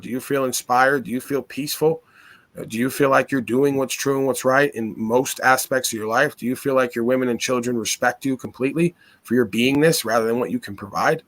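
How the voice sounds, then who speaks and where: A man's voice: mid-range voice, brisk, fairly bright tone. A man hosting a casual talk, speaking with confidence and authority and piling up rhetorical questions.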